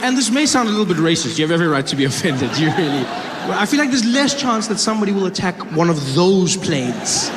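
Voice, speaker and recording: Stand-up comic telling a story in a hall. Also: male voice, high voice. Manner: conversational storytelling with self-correcting asides. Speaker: stand-up comedian. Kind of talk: stand-up comedy. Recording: live stage mic in a reverberant hall with a noisy crowd.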